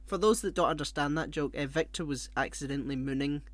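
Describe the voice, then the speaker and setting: A young man co-hosting a casual podcast, excitable and sweary, quick to loud laughter. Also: on the high side. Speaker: podcast co-host.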